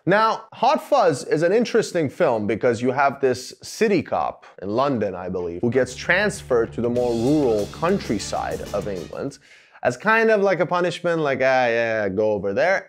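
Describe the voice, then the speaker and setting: A man hosting a film-review talk to camera, rambling with sarcastic jokes and asides. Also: mid-range voice. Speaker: show host reviewing films.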